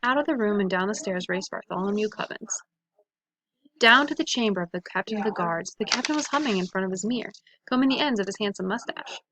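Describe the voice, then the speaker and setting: A woman reads a children's picture book aloud, bright and lively, changing her voice for each character. Her voice sits in the middle range and the sound is dry and close, with no room echo. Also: medium pitch, quick pace. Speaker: teacher reading aloud. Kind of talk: storybook read-aloud.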